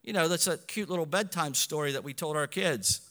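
Pastor, male, high and bright voice, lively sermon that swings from loud to hushed, in a hall with long reverb. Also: a little fast.

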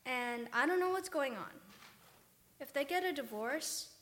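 A woman's voice: very high-pitched, lively intonation, measured pace, pushed and bright, full character voice. Woman playing a self-pitying young woman praying. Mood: complaining. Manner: whiny, self-pitying complaining. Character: despairing young woman pouring out her woes to God. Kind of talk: comedy sketch acting.

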